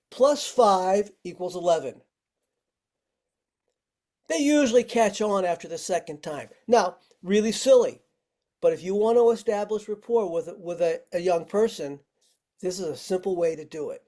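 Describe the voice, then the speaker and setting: Over a video call, a friendly male firefighting instructor teaches firefighters simple tricks one step at a time in a virtual lesson. His mellow voice sits high.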